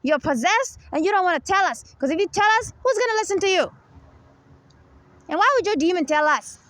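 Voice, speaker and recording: A woman's voice: extremely high pitch, expressive, fairly quick, a bit bright, no echo. A woman hosting a spoken religious monologue, emphatic, hammering the listener with rhetorical questions. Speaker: religious video host.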